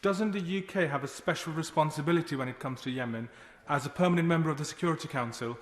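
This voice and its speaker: A man makes a pointed intervention in a parliamentary debate, framing it as a question. He talks fast in a slightly high voice. The large chamber gives his words a long, ringing reverb. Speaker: member of parliament.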